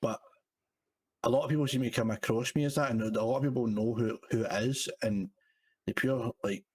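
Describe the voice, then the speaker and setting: A man's voice: medium pitch, fairly even intonation, fairly quick, a little mellow, slightly rough. A man chatting casually as a podcast guest, rambling and swearing. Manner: sweary, rambling, lots of "you know what I mean". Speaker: guest, server owner.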